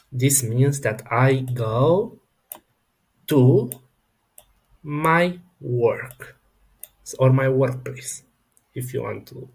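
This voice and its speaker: Man, French pronunciation teacher, unscripted lesson, very slow pace, hesitant with fillers, says words one by one. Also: mid-range voice.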